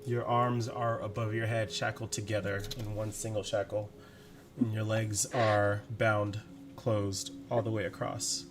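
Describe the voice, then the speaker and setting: Low-voiced man running a tabletop game. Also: flat delivery, soft background music. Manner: slow, deliberate narration with frequent laughs. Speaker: game master.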